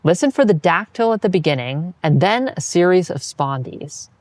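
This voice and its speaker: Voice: medium pitch, big pitch swings, normal speed, dry recording. A patient Latin teacher giving scripted instructional narration, modeling each phrase and then encouraging the listener to repeat it.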